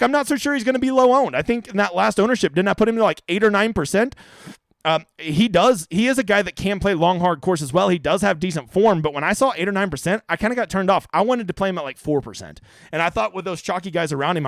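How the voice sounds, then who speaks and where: Brash fast-talking man on a live stream. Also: high-pitched, animated, dry recording. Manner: brash, jokey, crude banter. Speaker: fantasy golf streamer.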